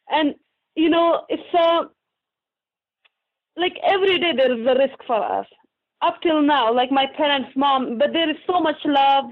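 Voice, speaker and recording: A young woman answering interview questions earnestly and from the heart, often restarting her sentences. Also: high-pitched. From Pakistan. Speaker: guest author. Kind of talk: interview answers over a remote line. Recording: tinny phone-like line.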